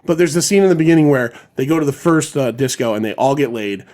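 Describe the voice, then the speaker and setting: A man's voice: medium pitch, lively intonation, fast, darkish tone. A man hosting a podcast, retelling film scenes in a rambling, profane casual chat with many restarts. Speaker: podcast host.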